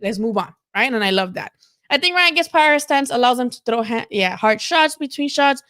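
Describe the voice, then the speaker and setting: A woman's voice: high voice, expressive, a little fast, sharp tone, clean tone. A woman hosting a live boxing talk stream, chatting casually and animatedly, swearing freely and filling with "like" and "you know". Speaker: boxing show host.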